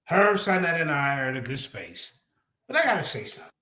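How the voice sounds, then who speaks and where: A man's voice: fairly high pitch, very animated, a little fast, pushed and bright. A man in a heated debate, throwing accusing, sarcastic jabs.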